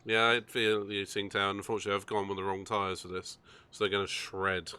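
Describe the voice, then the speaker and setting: A man chatting casually while playing a racing game on a live stream, excitable and quick to laugh. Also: lowish voice, clear, resonant tone. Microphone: far from the microphone.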